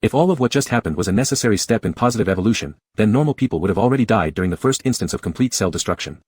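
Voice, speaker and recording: A man narrating a story in a steady, scripted reading style. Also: fairly low pitch, slightly rough, no room sound. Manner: steady, fast-paced reading.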